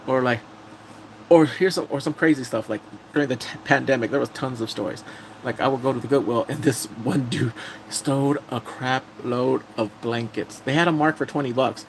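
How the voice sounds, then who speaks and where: A man casually recapping TV drama episodes on a live stream, telling it with animated energy and acting out characters' lines. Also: medium pitch, a little fast, a little hiss or hum, low-quality recording.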